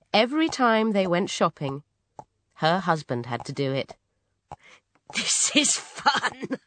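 A woman tells a children's story at an unhurried, deliberate pace. Her voice sits low but swings widely, rising and falling with playful expression as she reads. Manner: expressive, with playful pitch leaps for surprise and quoted voices. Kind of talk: reading a children's story aloud.

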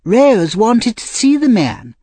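A man voicing an anxious old lady of the house who talks slowly and properly. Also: high voice, sing-song, mellow, husky, no echo, pitched above the performer's own voice, full character voice. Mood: firm.

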